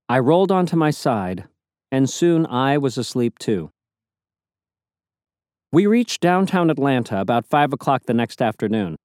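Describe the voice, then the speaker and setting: A man's voice: medium pitch, a little mellow, no room sound, studio quality. Man narrating an audiobook. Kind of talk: scripted narration.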